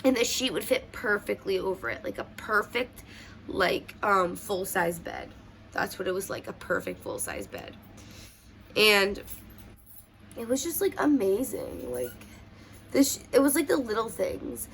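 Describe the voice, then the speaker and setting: Brief: young woman vlogger, tearful rambling storyteller, gravelly fry, faint hiss. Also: medium pitch, very animated, a little slow, a bit bright. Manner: emotional, rambling with many fillers. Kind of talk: casual personal storytelling. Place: at home doing makeup.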